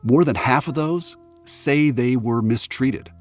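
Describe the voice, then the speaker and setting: A man hosting a radio documentary podcast, delivering measured scripted narration. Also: mid-range voice, faint music behind. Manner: measured narration, reacting warmly in conversation. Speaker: podcast host.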